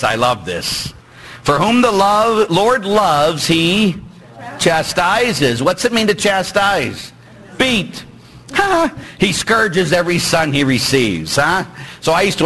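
A middle-aged man, a priest, preaching a lively sermon full of teasing rhetorical questions. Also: a little high, slightly rough, low-quality recording. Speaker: Catholic priest.

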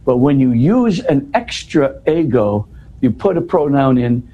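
A man's voice: mid-range voice, sing-song, measured pace, mellow, lo-fi sound. A man explaining a scripture passage in a scholarly but casual way, with frequent restarts and "you know". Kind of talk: conversational explanation.

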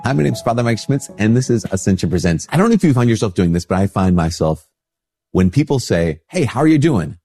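A middle-aged priest hosting a casual spiritual talk, stuffy-nosed from a cold, chatting easily and acting out little dialogues. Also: male voice, very animated, fast talker, warm tone, faint music behind. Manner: conversational, acts out little dialogues with rising pitch. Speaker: priest and show host.

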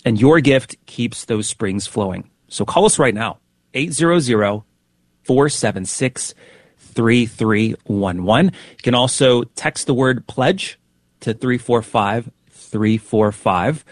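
A male radio host runs a pledge drive, speaking in a brisk, practiced promotional tone. His voice has an ordinary middle pitch. The sound is dry, with no room echo. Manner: brisk, repeats phone numbers. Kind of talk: radio fundraising appeal.

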